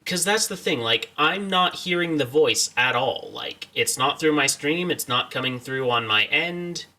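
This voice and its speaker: Bright, lively young man streaming a game. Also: on the high side, measured pace. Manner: jokey, rambling, chats to viewers. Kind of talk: casual let's-play commentary.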